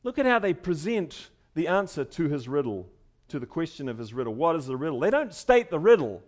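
A man preaching a sermon in a conversational way, dropping to soft asides and rising to loud, emphatic stretches. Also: on the high side, very animated, brisk. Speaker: pastor.

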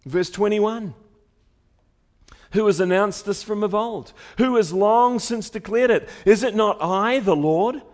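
A man with a high voice preaches a sermon with emphasis, repeating key lines. He swings between loud declarations and hushed, soft phrases.

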